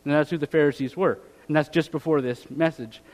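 A man's voice: fairly high pitch, steady tone, fairly quick, a little mellow, long reverb tail. A man preaching a sermon in a conversational way, reading scripture aloud and asking rhetorical tag questions. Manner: reads scripture aloud in old-fashioned wording.

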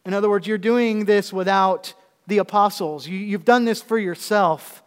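A man's voice: high-pitched, moderate pace, clean tone. A male preacher giving a sermon, explaining scripture with humorous asides and rhetorical questions. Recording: echoey hall.

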